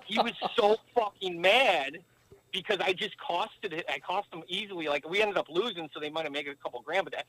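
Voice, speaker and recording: The poor-quality clip features an American ex-hockey pro with a high-pitched, fairly bright voice and a brisk pace. He's a podcast guest telling a long, loosely wandering story laced with fillers.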